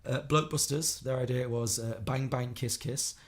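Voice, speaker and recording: A man hosting a casual podcast, chatty and quick, reading out listener suggestions with a laugh here and there. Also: mid-range voice, fairly even intonation, crowd noise. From Liverpool area of England. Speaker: podcast host.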